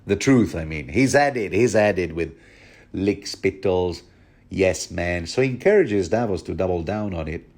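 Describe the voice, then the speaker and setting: A man with a fairly low voice hosting a podcast of book commentary. He talks in a loose, chatty way, cracking jokes and wandering into asides. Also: expressive, moderate pace, a little mellow. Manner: jokey, chatty, full of asides. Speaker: podcast host. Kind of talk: casual chapter commentary.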